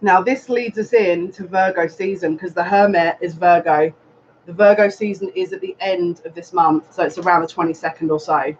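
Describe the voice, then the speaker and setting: High-voiced man giving a tarot reading. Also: steady tone, moderate pace. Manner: earnest, repetitive, advising directly. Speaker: psychic reader. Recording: dull lo-fi sound with faint noise.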